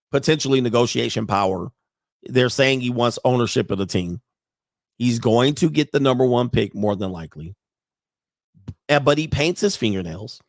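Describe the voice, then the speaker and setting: A man hosting casual sports commentary, animated and laughing often, with sudden high-pitched outbursts. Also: dry recording, studio quality.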